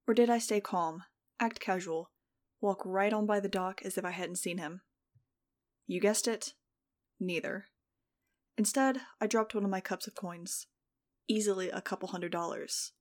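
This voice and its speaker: A woman's voice: mid-range voice, measured pace, pauses often. A woman narrating an audiobook in the first person, in a wry, sardonic tone.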